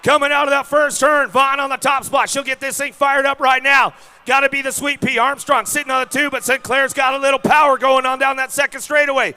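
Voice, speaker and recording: A man's voice: very high voice, flat delivery, a little fast, pushed and bright, faint music behind. A man calling a BMX race live, hyped, reading out riders by bike number. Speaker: race announcer. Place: outdoor BMX track.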